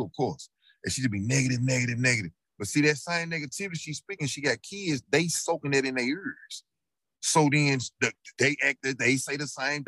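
A middle-aged man with a Southern Memphis accent speaks in an earnest, preachy way, looping back on his words to press a point. His voice sits at an ordinary middle pitch and is recorded dry, with no room sound. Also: fairly bright tone, no room sound. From Memphis, Tennessee. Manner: earnest, repetitive, preachy storytelling. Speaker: rapper guest. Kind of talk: casual interview talk.

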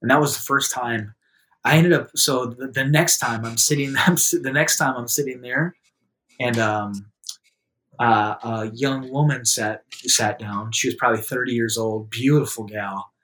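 This guest, a man of average pitch and moderate pace, tells his anecdote conversationally, performing other people's words in a higher, livelier voice. He laughs freely, yet grows hushed and gentle during the serious stretches.

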